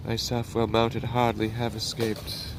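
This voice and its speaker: A man voicing a bold, blunt male nobleman in a steady, slow play reading. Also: medium pitch, gravelly, noisy background.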